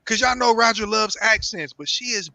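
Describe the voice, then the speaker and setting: An American man co-hosting a casual live-stream chat, joking and animated and swearing freely. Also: high-pitched, normal speed, vocal fry, crowd noise, low-quality recording. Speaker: podcast co-host.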